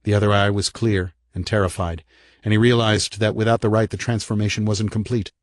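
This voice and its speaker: A man reading a horror novel aloud in a dramatic, measured narration. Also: on the low side, flat delivery, dry recording. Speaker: audiobook narrator.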